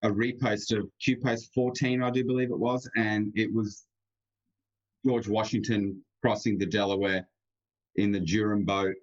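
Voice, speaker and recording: Deep-voiced Australian man, muffled sound. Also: flat delivery, normal speed. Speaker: guest. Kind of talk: casual live-stream chat. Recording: dull lo-fi sound.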